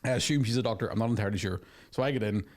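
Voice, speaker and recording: Man, podcast host; quick profane yarn-spinning, mimics others. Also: on the low side. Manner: profane, animated storytelling with acted quotes. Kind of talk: casual storytelling chat.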